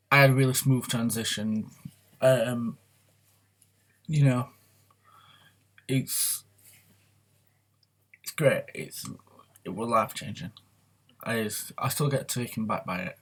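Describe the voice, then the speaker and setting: A man talking openly in a rambling, confessional way on his personal vlog. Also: fairly low pitch. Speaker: vlogger. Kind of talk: candid personal vlog talk.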